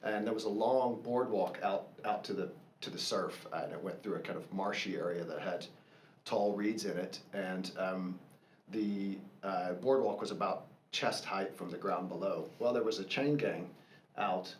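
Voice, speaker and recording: Halting, lower-voiced man telling a story. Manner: thoughtful, halting, many ums and uhs. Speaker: co-host sharing family stories. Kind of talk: casual storytelling chat. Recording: echoey room with faint hiss.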